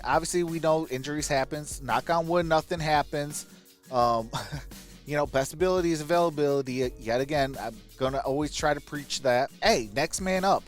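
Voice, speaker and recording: A man's voice: fairly high pitch, a bit bright. A man hosting a fan channel, giving casual sports commentary in a chatty, enthusiastic way with frequent asides and chuckles.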